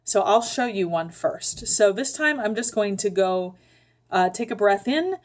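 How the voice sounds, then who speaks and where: A woman giving a calm, unhurried voice lesson, guiding the listener step by step with frequent ums. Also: medium pitch. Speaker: voice teacher. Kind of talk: vocal instruction with sung demonstrations.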